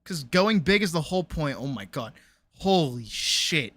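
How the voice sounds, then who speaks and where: A woman streamer chatting casually on a live stream, reacting loudly with exclamations, swearing and laughter. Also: low voice, lively intonation, unhurried, no echo. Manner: loud, exclamatory, swears freely, laughs often.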